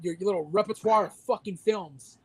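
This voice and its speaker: A man's voice: sits high, steady tone, a little fast, crowd noise, low-quality recording. A man co-hosting a casual podcast, delivering a heated, profanity-filled mock rant. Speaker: podcast co-host.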